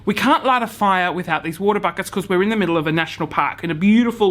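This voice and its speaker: A young man vlogging a comic story to camera, acting out his own panic with hushed whispers, swearing and sudden shouts. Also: high-pitched, quick pace, few pauses.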